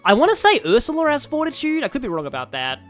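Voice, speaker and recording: Rambling man streaming a game, lively pitch. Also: quick pace, faint music behind. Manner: rambling, full of fillers and self-corrections. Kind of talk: casual let's-play commentary.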